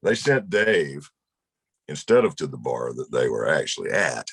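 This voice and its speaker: Man, rumbling low voice, husky, lively swoops, folksy storyteller. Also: moderate pace. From Mississippi. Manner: folksy, rambling anecdote with laughs. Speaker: guest musician. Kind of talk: casual storytelling.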